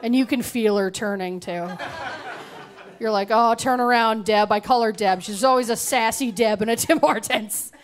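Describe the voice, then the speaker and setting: A woman's voice: a little high, moderate pace, slight background noise. A young woman doing a bawdy, sarcastic stand-up set into a handheld mic on a comedy club stage. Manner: sarcastic, bawdy, animated storytelling.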